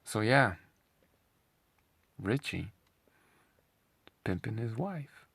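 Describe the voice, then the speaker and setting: A low, gravelly man talks slowly through a scornful commentary rant. His voice is husky and deep, and he mocks his subject with rambling sarcasm. The sound is close and dry. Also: animated, a bit bright, no room sound. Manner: rambling, repeats himself. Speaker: commentary channel host. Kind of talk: opinionated commentary monologue.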